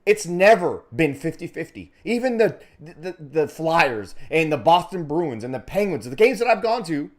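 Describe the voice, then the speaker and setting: A man hosting a casual sports podcast, ranting and joking in a loud, profane way. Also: a little high, very animated, moderate pace, hardly any pauses. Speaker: podcast host.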